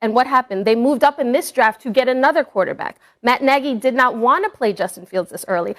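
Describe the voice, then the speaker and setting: Firm woman sports analyst, higher voice. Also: fairly quick, fairly bright tone. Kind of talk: sports debate argument.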